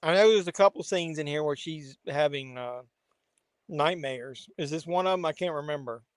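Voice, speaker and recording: A man's voice: a little high, moderate pace, smooth, no echo. A man hosting a casual live watch-along, making wry, joking asides as the film plays. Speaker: host.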